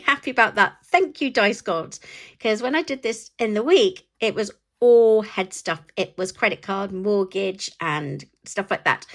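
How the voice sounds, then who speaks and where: A middle-aged British woman chatting to camera for her budgeting vlog, rambling and getting excited as she goes. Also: a little high. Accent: British English. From United Kingdom. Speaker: budgeting vlogger. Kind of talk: casual chat to camera.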